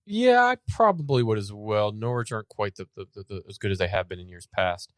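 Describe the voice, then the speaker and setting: A man's voice: fairly low pitch, animated, a little fast, no echo, clean studio sound. A man co-hosting a podcast, chatting enthusiastically about soccer with frequent restarts. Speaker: podcast co-host. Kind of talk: casual sports chat.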